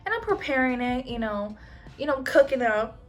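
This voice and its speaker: Animated young woman telling a story. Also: sits high, brisk, faint music behind. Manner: animated, swearing, slangy storytelling with voiced impressions. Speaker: beauty vlogger. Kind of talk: get-ready-with-me storytime.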